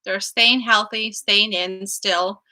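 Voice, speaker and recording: A woman's voice: mid-range voice, steady tone, takes it slowly, pushed and bright, low-quality recording. A woman from Ukraine co-hosting a casual livestream chat, laughing often and good-humored. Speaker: co-host.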